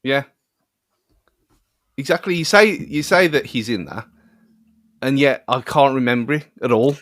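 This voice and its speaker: A man's voice: mid-range voice, animated, a little slow, fairly bright tone, dry recording, studio quality. A man co-hosting a casual podcast, rambling and self-mocking and often trailing off mid-thought. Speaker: podcast co-host.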